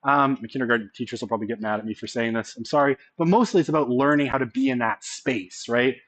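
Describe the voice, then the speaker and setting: A man's voice: mid-range voice, fast, a bit bright. A man giving a casual college sociology lecture, often checking in with the class by asking "right?".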